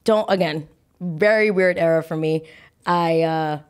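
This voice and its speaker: A young woman hosting a podcast, telling a personal story in a chatty, animated way with lots of fillers and restarts. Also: low voice, unhurried, clean tone. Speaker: podcast host. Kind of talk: casual storytelling.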